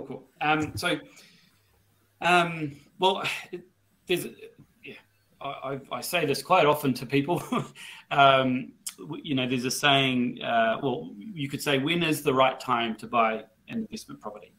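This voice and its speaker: A man's voice: medium pitch, measured pace, fairly bright tone. A man, giving property investment advice on a webinar video call, chatty with many repeated words and ums. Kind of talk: webinar panel talk.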